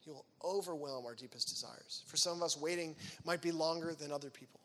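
A youth speaker in his thirties gives a lively, conversational faith talk to teenagers, speaking fast in a voice that's high for a man, bright and forward. He's animated and chatty, uses frequent fillers, and slips into acted-out voices when quoting people.

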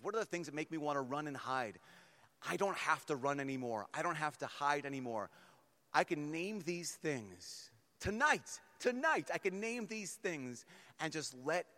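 A male priest giving a humorous, lively sermon to a young crowd and acting out little stories as he goes. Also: fairly high pitch. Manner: humorous, animated, acts out stories. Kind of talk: sermon to a youth gathering. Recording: long reverb in a large hall.

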